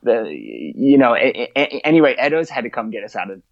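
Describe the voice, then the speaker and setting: Young guy, animated storyteller with lots of laughs and swearing, dull dry lo-fi sound. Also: medium pitch, brisk, gravelly, no room sound. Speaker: guest telling stories. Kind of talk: casual chat.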